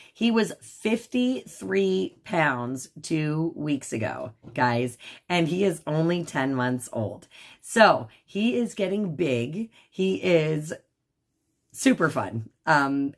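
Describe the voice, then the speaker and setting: A woman hosting a casual livestream from her home. She rambles with many fillers and switches to high baby talk for her dog. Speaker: livestream host. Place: at home indoors.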